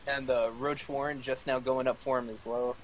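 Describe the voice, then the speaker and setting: A man's voice: mid-range voice, little pitch movement, normal speed. A man with a mid-range voice calls the action of a live esports match, chatty and always joking. The stream audio is dull and lo-fi, with faint noise in the background. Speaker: esports caster. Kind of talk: live play-by-play esports commentary.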